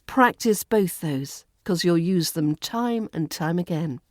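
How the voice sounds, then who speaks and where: A woman with a British RP accent teaching pronunciation in a scripted lesson, enunciating clearly and repeating words for practice. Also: on the low side, expressive, takes it slowly, dry recording, clean studio sound. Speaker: accent coach.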